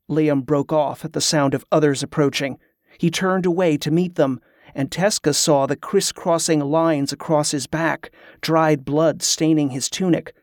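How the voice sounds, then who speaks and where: A man narrating a fantasy novel in a steady, measured way. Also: a little high, dry recording, clean studio sound. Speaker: audiobook narrator.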